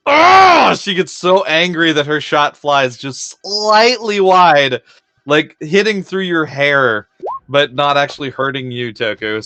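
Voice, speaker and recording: A man's voice: a little high, sharp tone, dry recording. A man running a tabletop game as game master, making rulings and playfully describing the action.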